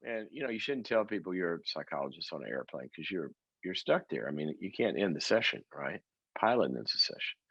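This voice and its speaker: A man with a low voice, a psychologist who hosts his own talk show. He tells stories to a studio audience with animated timing and briefly plays the people he quotes. The sound is dry and a little muffled. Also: fairly quick, vocal fry, husky, no echo.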